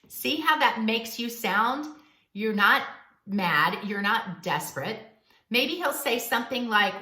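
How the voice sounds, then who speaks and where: A woman coaching viewers on dating in a playful, animated advice vlog. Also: fairly high pitch, moderate pace, echoey room. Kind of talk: direct-to-camera advice vlog.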